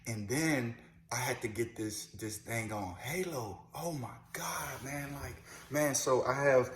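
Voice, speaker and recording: A man's voice: mid-range voice, a little slow, a bit bright. A man in his thirties from New Orleans, telling his own story casually to camera, with lots of "you know" and "man" and repeated words. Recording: roomy echo.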